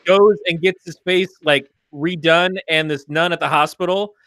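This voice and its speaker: A man's voice: a little high, fairly even intonation, moderate pace, fairly bright tone, no room sound, rough recording. A man co-hosting a podcast, recounting a movie scene in casual, profane chat. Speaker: podcast co-host.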